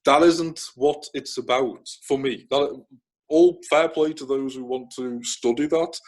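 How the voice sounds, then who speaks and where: Reflective man with halting restarts. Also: medium pitch. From Germany. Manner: reflective, many restarts and hesitant fillers. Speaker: guest, spiritual author. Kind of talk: casual interview conversation.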